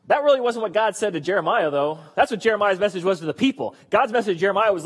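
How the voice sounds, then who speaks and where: A man's voice: sits high, animated, fast, few pauses, husky, big-room sound. A man preaching a sermon in a conversational, joking way. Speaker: pastor.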